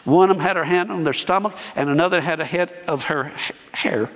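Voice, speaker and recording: A man preaching as a guest speaker, telling a story in an animated way and acting out the dialogue. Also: fairly high pitch. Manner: animated, acts out dialogue, dramatic pauses. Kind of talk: sermon storytelling. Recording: echoey hall reverb.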